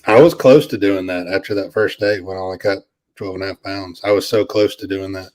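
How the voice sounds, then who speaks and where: Relaxed low-voiced man in casual chat. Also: brisk. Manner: relaxed, short replies, asks questions.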